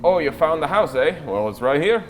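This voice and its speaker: A man doing a gruff nosy merchant. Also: on the high side, very animated, fairly quick, noisy background, pitched above the performer's own voice. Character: gruff male merchant, pushy and suspicious.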